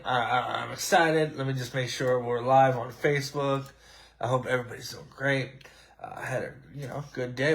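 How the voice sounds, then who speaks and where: A man hosting a casual live-streamed wrestling talk show, ranting with sarcasm, restarting sentences and using lots of filler words. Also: mid-range voice. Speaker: podcast host.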